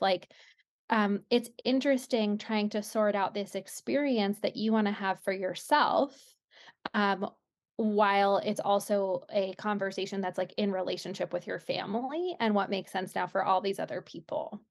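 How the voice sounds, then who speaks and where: A woman's voice: mid-range voice, fairly even intonation, normal speed, creaky. A woman guest, a birth educator, chatting in an eager way and explaining through questions. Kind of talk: casual interview chat.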